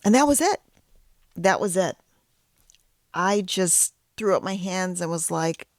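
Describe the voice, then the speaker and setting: A woman host and yoga teacher in training, telling a personal story and teaching in a candid, self-deprecating conversational way with quiet whispered asides. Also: fairly low pitch, lively intonation, unhurried, long pauses, no room sound, studio quality.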